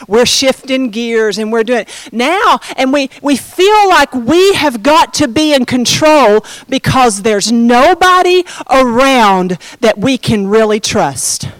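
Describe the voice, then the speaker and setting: A middle-aged woman's voice, on the high side and free of echo, carries a sermon told through a personal story. She's animated, slowing things down for drama and lowering her voice to a hush when she wants emphasis.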